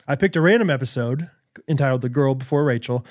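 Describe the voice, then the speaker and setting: An American man co-hosting a podcast in casual chat, laughing often and breaking into loud movie-quote impressions. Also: medium pitch, quick pace. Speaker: podcast co-host.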